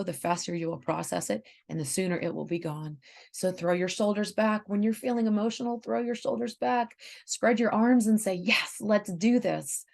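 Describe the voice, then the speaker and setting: A woman's voice: mid-range voice, gravelly, a little mellow. A middle-aged woman, a healer, speaking earnestly to camera in an emphatic teaching tone. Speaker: intuitive empathic healer. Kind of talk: talking-to-camera self-help talk.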